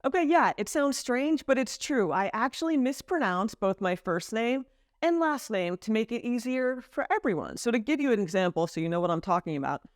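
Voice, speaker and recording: A woman's voice: a little high, big pitch swings, a little fast, dry recording, clean studio sound. An American woman in her thirties, chatting lightly and explaining things in a casual vlog to camera. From United States. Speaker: vlogger. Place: home in France.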